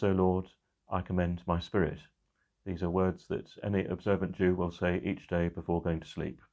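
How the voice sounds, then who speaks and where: Low-voiced man giving calm reflection. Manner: measured and reflective, slowing on key phrases. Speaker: church minister. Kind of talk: midweek reflection.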